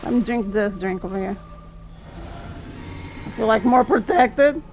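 A woman's voice: a little high, a little slow, darkish tone, soft background music, rough recording. A woman streaming a video game, commenting live, swearing and shrieking at setbacks and apologizing to her chat. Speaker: gamer streaming a boss fight.

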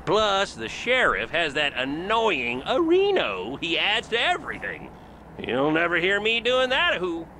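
A man's voice: high voice, wildly swooping pitch, measured pace, bright, forceful tone, slight background noise, full character voice. A man voicing a giggly, eager small-town coroner in a video game, tacking a silly sound onto his words. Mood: giddy. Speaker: game character.

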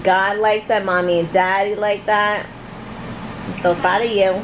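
A woman vlogging her family day, talking in an expressive, excitable way and dropping in Spanish phrases. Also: medium pitch, measured pace, muffled recording, background noise. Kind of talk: casual daily vlog. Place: home, then outside in a parking lot.

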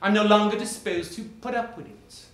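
A man's voice: sits high, normal speed, a bit bright. An actor playing a cold, sarcastic middle-aged husband confronting his wife, with a clipped, formal and mocking delivery in a stage play. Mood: icy. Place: theater stage. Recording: roomy theater, faint noise.

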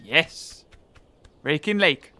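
A woman's voice: deep voice, expressive, extremely slow, sharp tone. A woman giving playful, teasing commentary while playing a video game, often laughing and squealing at the characters. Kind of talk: casual let's-play commentary.

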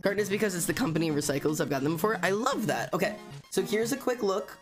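Hyped-up streamer chatting live, fast and stammering, mid-pitched voice over faint background music. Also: expressive. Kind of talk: casual livestream chat.

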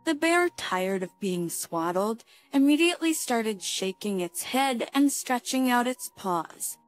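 Woman reading a story, slow and even, fairly high voice, dry sound. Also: no room sound, soft background music. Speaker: narrator. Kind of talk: scripted story narration.

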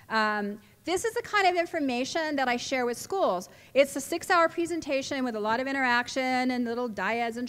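A middle-aged woman, giving an animated storytelling talk to a live audience in a large hall. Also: fairly high pitch, smooth. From California, USA. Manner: animated, chatty, laughs often, with restarts. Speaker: symposium speaker. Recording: echoey hall reverb.

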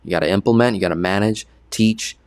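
Deep-voiced man coaching with preacher energy. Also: fast, smooth, dry recording, studio quality. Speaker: finance coach. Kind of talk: live-streamed teaching talk.

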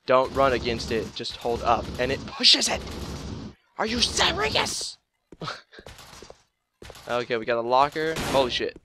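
Excitable gamer dude swearing through a let's play, bright voice, faint hiss. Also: male voice, medium pitch. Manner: excitable, swears, thinks aloud. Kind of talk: casual gameplay commentary.

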